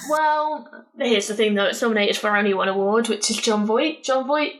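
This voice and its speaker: A woman co-hosting a podcast, chatting casually and giving opinions with quick asides. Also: a little high. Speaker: podcast co-host. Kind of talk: casual chat.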